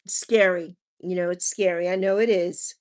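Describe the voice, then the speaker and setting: A woman's voice: fairly low pitch, a little slow. A middle-aged woman hosting a casual livestream, chatting and reading viewer comments aloud with lots of laughter. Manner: animated, laughs often, reads chat aloud. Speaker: livestream host reading chat.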